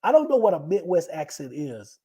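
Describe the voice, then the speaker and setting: A man co-hosting a livestream, talking earnestly in a relaxed, storytelling way and often repeating his words. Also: fairly high pitch, brisk, husky, low-quality recording. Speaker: livestream co-host, author. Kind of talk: casual livestream chat.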